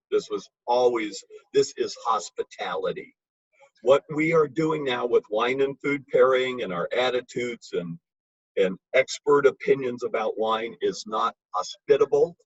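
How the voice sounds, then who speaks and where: A man lecturing on wine in an informal, emphatic way, blunt and full of asides. His voice is husky and mid-pitched, recorded dry and dull with a lo-fi quality. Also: unhurried, no room sound. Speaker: wine educator.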